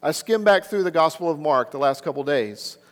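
High-voiced man preaching in a reverberant hall. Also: animated, normal speed. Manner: earnest, keeps asking the listeners rhetorical questions. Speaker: pastor. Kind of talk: sermon.

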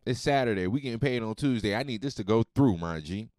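Animated, profane man telling a story. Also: on the low side, quick pace, no room sound, studio quality. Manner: animated, profane, swings loud and soft. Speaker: podcast host. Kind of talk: casual storytelling monologue.

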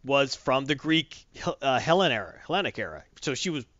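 A man's voice: medium pitch, big pitch swings, fairly quick, fairly bright tone, no room sound, dull audio. A man chatting casually as a podcast host, rambling and correcting himself as he goes. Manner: rambling, self-correcting, enthusiastic. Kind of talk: casual chat.

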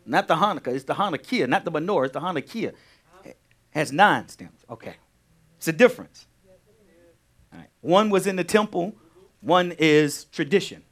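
A male pastor teaching a sermon, animated, repeating key phrases and firing questions at his congregation. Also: fairly high pitch, normal speed, long pauses.

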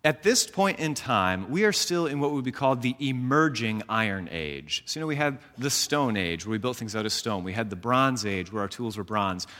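A man giving a teaching sermon, explaining scripture in an animated way and tossing in self-aware jokes. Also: medium pitch, moderate pace, hardly any pauses, in a large hall. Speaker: Bible teacher.

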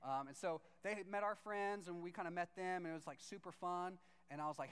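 High, smooth-voiced man telling a comic story. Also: quick pace. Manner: animated, self-deprecating, jumps into excited shouts when acting out his own reactions.

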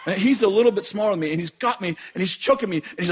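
A man telling a dramatic personal story with laughter and bursts of shouting. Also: high-pitched, animated, fast talker, slight background noise.

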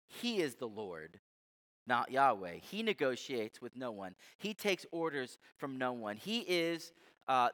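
Male pastor, fairly high bright voice, conversational and emphatic sermon, long hall reverb.

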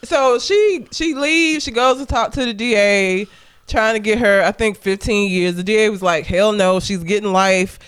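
Smooth-voiced woman animatedly recapping a movie. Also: a little high, normal speed. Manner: animated storyteller, profane, dramatic retelling. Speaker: podcast co-host. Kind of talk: casual movie recap chat.

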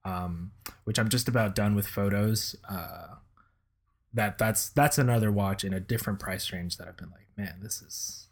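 A man's voice: on the low side, moderate pace. A man co-hosting a casual podcast chat as a watch reviewer, speaking hesitantly with many restarts.

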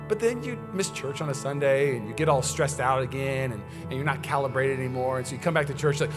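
A man's voice: medium pitch, fast talker, few pauses, in a large hall, music in the background. A man preaching a casual, chatty sermon as pastor, full of asides and stories. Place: church sanctuary.

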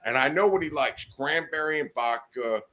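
Sitting as a guest in a podcast studio, a man with a mid-range voice tells a long, rambling anecdote at normal speed, his tone pushed and bright. He swears freely and keeps breaking into laughter mid-story.

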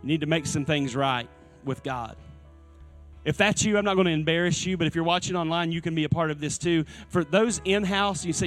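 A male pastor preaching a sermon in a church, earnest and repeating his key phrases, with soft instrumental music behind him. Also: a little high, brisk. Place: church sanctuary.

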